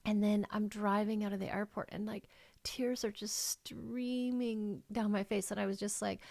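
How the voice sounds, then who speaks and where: A woman's voice: medium pitch, flat delivery, moderate pace, vocal fry, a little mellow, no room sound. A middle-aged woman hosting her own podcast, talking in a heartfelt, emotional and rambling way, full of "like"s. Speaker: life coach and podcast host. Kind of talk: personal podcast monologue.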